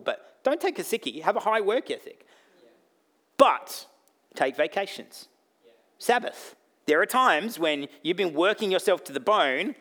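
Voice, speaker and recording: A man with an Australian accent preaching a sermon as pastor, blunt and jokey, swinging between loud bursts and quiet asides. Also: fairly high pitch.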